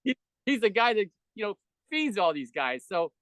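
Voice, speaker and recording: A man's voice: sits high, very animated, moderate pace, a crowd in the background. A man in his seventies, a veteran animator guest, rambling through stories in a casual interview chat. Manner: rambling storyteller who acts out quoted voices.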